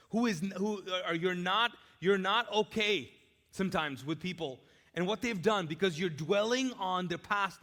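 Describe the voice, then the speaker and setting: Bright-voiced pastor preaching in a hall. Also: male voice, sits high. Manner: conversational, repeats phrases, swings from soft to loud. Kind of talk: live sermon. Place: large church auditorium, live audience. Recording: live church hall with long reverb.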